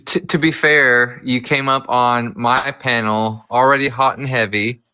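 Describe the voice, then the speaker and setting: A man hosting a livestream debate panel, measured and trying to calm things down. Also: mid-range voice, clear, resonant tone.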